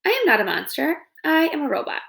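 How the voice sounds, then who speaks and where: A woman's voice: sits high, very animated, fast talker, creaky, fairly bright tone, pitched above the performer's own voice, exaggerated voice. A woman reading a stiff polite robot. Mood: stiffly polite. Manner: formal, overly polite, literal. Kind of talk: reading a children's novel aloud.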